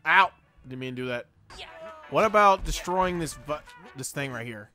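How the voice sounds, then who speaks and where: A young man doing excitable let's play commentary, yelping and laughing as he plays. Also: a little high, moderate pace, soft background music. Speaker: gaming channel host.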